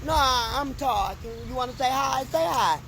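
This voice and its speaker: A woman with a very high, gravelly voice talks straight to her viewers in an animated, emphatic way. She vlogs on a phone while out walking by a road, and loud traffic and outdoor noise run underneath everything she says. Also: moderate pace. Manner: talkative, emphatic, addressing viewers directly. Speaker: vlogger. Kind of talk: casual reaction vlog.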